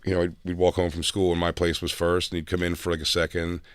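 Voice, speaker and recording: A podcast co-host with a low, monotone voice talks at a quick pace, recorded with studio quality, a clean tone and no room sound. He tells rambling, profane stories from school in casual chat, acting out the voices he quotes.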